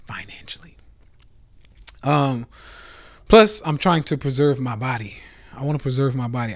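Brash, swaggering man ranting. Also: medium pitch. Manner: brash, swaggering, profane, calls out to the audience. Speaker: host of a live motivational rant. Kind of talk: casual motivational rant. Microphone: phone on a live stream.

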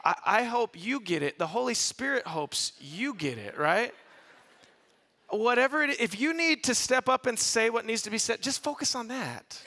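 A man preaching a sermon to a congregation, animated and conversational, acting out quoted voices and asking his audience rhetorical questions. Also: very high-pitched, normal speed. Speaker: pastor. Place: church in front of a live congregation.

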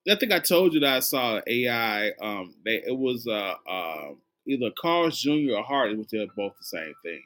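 A woman co-host with a Southern country accent talks in a relaxed, jokey way. Her pitch swings widely as she acts out little bits of quoted speech. It sounds like casual banter between friends. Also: moderate pace, few pauses. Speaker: podcast co-host. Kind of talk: casual chat.

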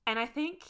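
A woman co-hosting a podcast, recapping a TV episode in casual chat, excitable and quick to laugh. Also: fairly high pitch. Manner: excitable, gushing, laughs often. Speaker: podcast co-host.

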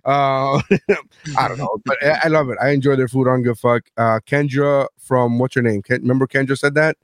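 A man's voice: mid-range voice, a little fast, dry recording. A middle-aged man tells rambling, profane stories on a casual talk show. He sounds close to the microphone in a dead, dry room. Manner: profane storytelling, animated. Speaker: podcast host. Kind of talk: casual chat.

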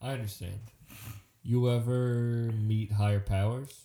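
A man's voice: medium pitch, flat delivery, measured pace, mellow. A man chatting casually as a podcast guest, throwing in wisecracks. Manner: wisecracking interjections. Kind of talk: casual chat. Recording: roomy, noisy recording.

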